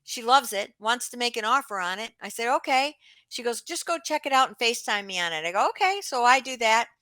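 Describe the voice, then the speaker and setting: A woman real estate agent, a podcast guest, telling a story in a chatty, lively way and acting out the other people's lines. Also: on the high side, fast talker, dry recording. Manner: chatty, lively, acts out dialogue with quoted voices. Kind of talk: animated storytelling in an interview.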